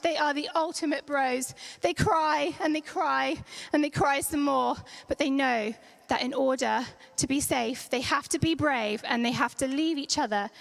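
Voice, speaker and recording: A woman's voice: sits high, vocal fry. A woman leading children's church, telling a Bible story in a playful, slangy, dramatic way. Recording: church hall reverb.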